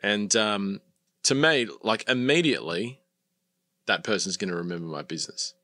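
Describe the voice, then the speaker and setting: A man's voice: fairly low pitch, moderate pace, sharp tone, dry recording, studio quality. A man from Australia talking casually on a podcast with a chatty, meandering manner full of fillers. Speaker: podcast co-host and dropshipping coach.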